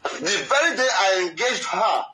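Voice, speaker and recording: Nigerian guy pleading his case, high voice, bright sharp tone. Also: expressive, unhurried, slight background noise, rough recording. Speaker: guest telling his story. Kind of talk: earnest storytelling in English and Pidgin.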